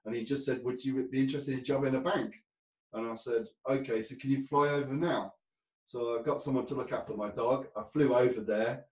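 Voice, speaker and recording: A man's voice: mid-range voice, steady tone, a little fast, darkish tone, roomy sound, distant mic, poor audio. A man telling stories from his career in a casual interview, rambling, laughing often and restarting his sentences. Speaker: interview guest. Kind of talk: casual storytelling.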